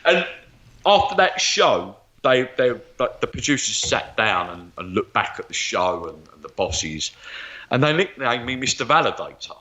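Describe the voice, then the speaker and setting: With a medium pitch, big pitch swings and a pushed, bright delivery at normal speed, this man is a guest psychic medium chatting in an interview. He tells stories animatedly and performs the voices of the people he's quoting, all through a muffled recording.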